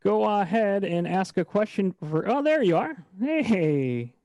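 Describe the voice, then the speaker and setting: A radio host bringing fans into a virtual studio one at a time, with upbeat, brisk patter. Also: medium pitch, animated, a little mellow, no room sound. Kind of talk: hosting a virtual fan meet.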